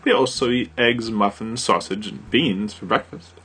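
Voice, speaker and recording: A man's voice: on the low side, normal speed, pushed and bright, husky. A man reading a story, voicing a small, chatty, teasing young girl with a British accent. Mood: playful. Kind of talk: audiobook-style story reading.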